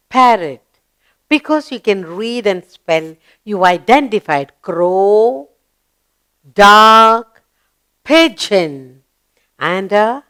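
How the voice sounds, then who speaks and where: Indian English woman, kids' spelling teacher; slightly high, smooth voice, letter-by-letter coaxing questions. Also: a bit bright. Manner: spells out words letter by letter and coaxes children with questions. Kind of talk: children's spelling lesson.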